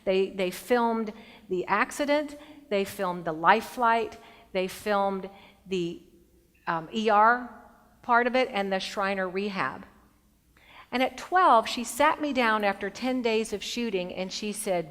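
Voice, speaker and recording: A woman's voice: mid-range voice, measured pace. Middle-aged woman storyteller in a reverberant hall. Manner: expressive storyteller, shifting between bright emphasis and hushed moments. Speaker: keynote speaker. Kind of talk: motivational speech with storytelling. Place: large conference hall.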